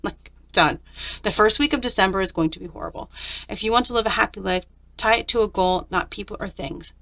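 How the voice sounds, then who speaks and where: A woman's voice: medium pitch, a little fast, vocal fry, pushed and bright. A middle-aged woman chatting candidly through a journal flip-through, venting about her week. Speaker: papercraft vlogger.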